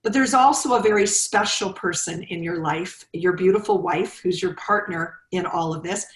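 A woman's voice: fairly low pitch, normal speed, roomy sound, rough recording. A woman co-hosting an interview, introducing the guest's story with effusive praise. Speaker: co-host. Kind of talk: interview chat.

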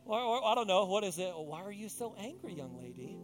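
A man voicing God as a calm, fatherly figure who asks probing questions in casual street talk. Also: high-pitched, fairly quick, soft background music.

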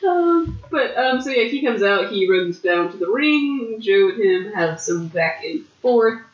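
A woman's voice: mid-range voice, big pitch swings, highs cut off. Blunt woman in an echoey room. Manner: quick, blunt, swears freely. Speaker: podcast co-host. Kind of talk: casual chat recapping wrestling.

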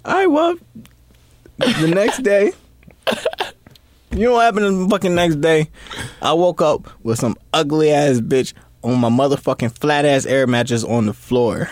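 A man's voice: fairly high pitch, measured pace, long pauses, no echo. A young man in casual chat, talking profanely with stammering restarts as he defends himself.

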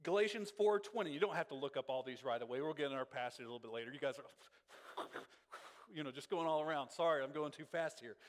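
Man, pastor, informal sermon, animated, high voice, long hall reverb. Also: a little fast. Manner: animated, acting out quotes with laughs. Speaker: pastor teaching a Bible class.

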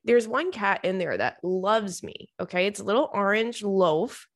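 An expressive mid-range voice at a measured pace belongs to a young woman casually recounting funny stories to camera. She's chatty and quick to laugh and swear, repeatedly calling her listeners "girl" and saying "like".

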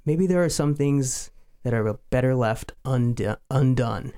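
A man's voice: mid-range voice, a little slow, dark tone, clear, resonant tone. A man co-hosting a radio music show, chatting casually in a joking, self-mocking way.

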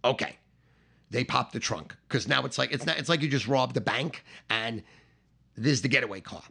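A middle-aged man telling a profane comic story, animated and swearing, acting out the shouting voices in it. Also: medium pitch, moderate pace, creaky, husky. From Staten Island, New York.

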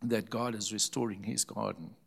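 A man's voice: on the low side, steady tone, normal speed, gravelly, fairly bright tone. A man, a preacher, earnestly recounting a story as a testimony and repeating phrases for emphasis.

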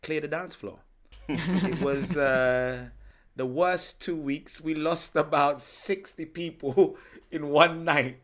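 A man's voice: a little high, slow, dull audio. A man hosting a casual podcast chat, telling funny stories with frequent laughs. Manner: animated, laughing anecdotes. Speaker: podcast host, salsa event organizer.

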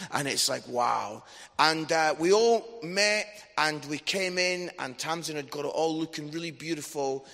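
An enthusiastic man preaching a chatty sermon, with a fairly high voice and a bright, forceful edge. His words ring out in a church hall with a long reverb tail. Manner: enthusiastic, chatty, adds "yeah?" tags. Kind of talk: sermon with personal storytelling.

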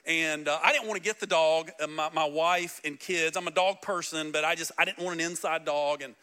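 A man pastor preaching a sermon, animated and joking, speaking directly to his congregation in a church. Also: a little high, brisk, smooth. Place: church sanctuary.

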